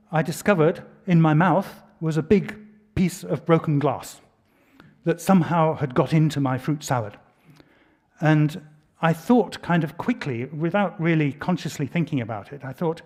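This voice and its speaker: A man's voice: a little high, moderate pace, darkish tone. A middle-aged man from Britain giving a public lecture, telling a story with dry asides and frequent restarts. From United Kingdom.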